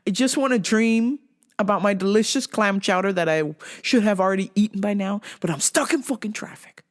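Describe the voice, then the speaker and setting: A woman vlogger telling a comic story, swearing constantly and shouting out the lines she quotes. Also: medium pitch, fairly quick. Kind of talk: profane comedic storytelling.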